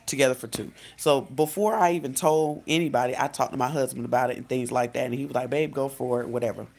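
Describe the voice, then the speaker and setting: A woman life coach talking straight to her viewers in a casual vlog, chatty and animated, often saying "literally" and "y'all". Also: very deep voice. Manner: frequent "literally" and self-corrections.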